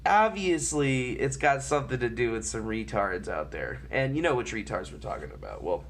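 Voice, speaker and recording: A man's voice: mid-range voice, sing-song, normal speed. A man hosting an online show, complaining in an indignant, sarcastic way. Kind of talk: complaining commentary.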